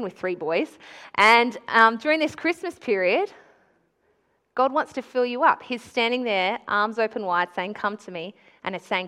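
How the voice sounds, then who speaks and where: Young woman preaching a chatty sermon. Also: medium pitch. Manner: animated, conversational, with call-and-response.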